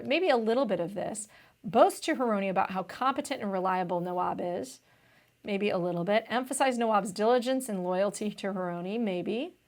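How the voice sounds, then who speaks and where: Chatty young woman tutoring test prep. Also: mid-range voice. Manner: chatty, says "vibe" and "like" often. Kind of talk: casual explanatory lesson.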